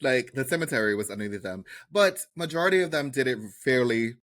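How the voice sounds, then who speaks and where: A man in a laid-back podcast recap who keeps slipping into little impressions of the people he's describing. His pitch sits in an ordinary middle range, and his talk stays lively and conversational. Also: brisk. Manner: animated, acts out quotes from the show. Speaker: podcast co-host. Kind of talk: casual TV recap chat.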